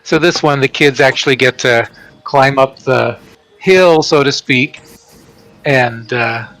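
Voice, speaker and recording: Male co-host, mid-pitched, relaxed explainer, casual and unhurried. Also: rough recording. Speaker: guest builder. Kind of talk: casual chat explaining a build.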